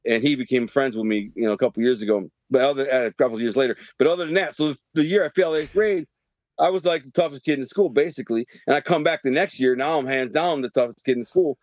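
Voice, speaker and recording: A middle-aged man, from Detroit, telling his life story as a podcast guest in a streetwise, animated way and acting out the voices in his quotes. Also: mid-range voice, quick pace, no echo. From Detroit, USA. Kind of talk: casual storytelling. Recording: dry, dull podcast audio.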